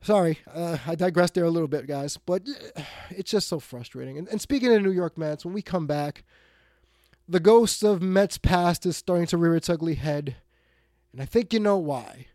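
Male sports radio host, blunt and exasperated, fairly high voice, dry close mic. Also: normal speed, no echo. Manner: blunt, exasperated, swings between loud outbursts and muttered asides. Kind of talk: ranting sports talk monologue.

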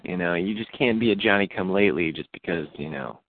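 A man co-hosting a casual sports podcast, relaxed and quick to laugh. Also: low voice, a little hiss or hum. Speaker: podcast co-host. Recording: tinny phone-like line.

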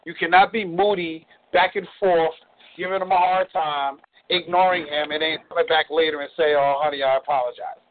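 A man coaches over a phone line, blunt and folksy, swearing to drive points home. His voice sits a little high. The sound is thin and tinny, like a phone call. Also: little pitch movement, moderate pace. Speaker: relationship coach leading a call.

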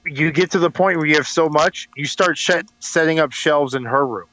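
A man's voice: on the high side, normal speed, sharp tone, no room sound, lo-fi sound. A man co-hosting a podcast, joking around in crude, casual banter. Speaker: podcast co-host. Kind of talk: casual chat.

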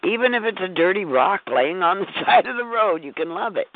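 A man's voice: high voice, lively intonation, fairly quick, no echo. A man in a casual chat, speaking in a reflective and emphatic way as co-host. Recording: tinny phone-line sound.

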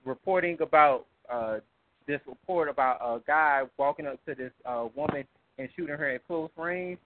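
A man talking on a call in a casual, halting way, quickly turning incredulous. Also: a little high, background noise. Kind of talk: casual conversation. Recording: tinny phone line.

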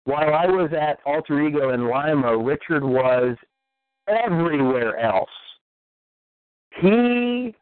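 A man who is a podcast guest, chatting casually and rambling excitedly, laughing often. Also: a little high, slow pace, pauses often, no echo. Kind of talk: casual chat. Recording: phone-like narrow line, dry.

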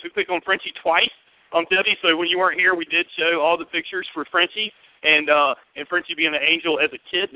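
A man with a Southern US accent preaching a sermon to his church, lively and joking in a conversational way. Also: a little high, no room sound. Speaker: pastor. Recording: tinny, phone-like and dry.

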